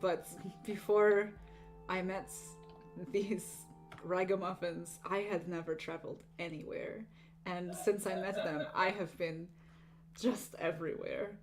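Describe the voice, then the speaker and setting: Earnest, halting and curious, this is a sheltered young swordswoman in a tabletop game, as a woman puts her on in her own voice. Her questions come out in stops and restarts, with faint music behind. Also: fairly low pitch, fairly even intonation, natural voice.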